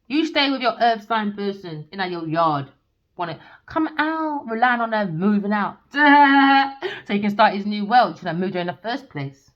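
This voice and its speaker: A woman's voice: mid-range voice, lively intonation, normal speed. A woman giving a casual tarot reading in a blunt, profane, ranting way. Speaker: tarot reader. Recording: dull lo-fi recording.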